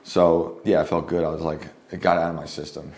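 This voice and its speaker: Low-voiced man rambling through a story. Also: level tone, brisk, a little mellow, a little hiss or hum. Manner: rambling, full of "like" fillers, frequent throat clearing. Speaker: guest journalist. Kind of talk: casual conversational storytelling. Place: home, at a lunch table.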